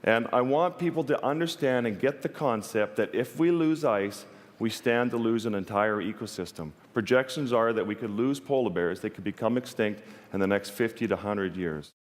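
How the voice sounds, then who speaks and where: A man's voice: on the low side, moderate pace. A man giving a stage talk, telling a personal story in an earnest, vivid way with wry humor. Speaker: wildlife photographer giving a talk. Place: stage in a large hall. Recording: long reverb of a large hall.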